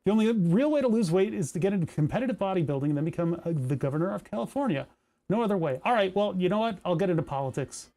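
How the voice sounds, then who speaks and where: A Pennsylvania streamer with a high, warm voice talks fast with lively intonation. He rambles casually and pokes fun at himself while reading his chat aloud.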